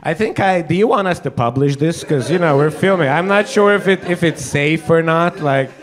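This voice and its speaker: Stand-up comic, male, fairly high voice, quick teasing crowd work, club stage mic. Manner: teasing, quick asides, frequent put-on quotes. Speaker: stand-up comedian hosting.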